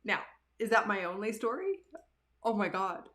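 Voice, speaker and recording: A woman, hosting a live show from her living room and telling stories about herself in a casual, animated, self-deprecating way. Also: mid-range voice, normal speed. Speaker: livestream show host. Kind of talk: casual storytelling to live viewers.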